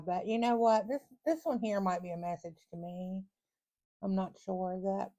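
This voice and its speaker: A woman's voice: medium pitch, normal speed, dark tone. Chatty woman doing a tarot reading. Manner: chatty and folksy, laughs often, thinks aloud. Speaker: tarot reader. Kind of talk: casual tarot reading to viewers.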